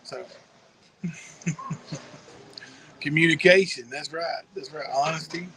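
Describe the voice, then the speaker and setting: A joking man with a slightly high voice chats casually with his wife during a date night stream. Loud restaurant noise hums behind him, and he laughs easily between remarks. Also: slow, low-quality recording. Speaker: vlogger on a date night livestream. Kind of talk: casual chat. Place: restaurant, then picking up takeout.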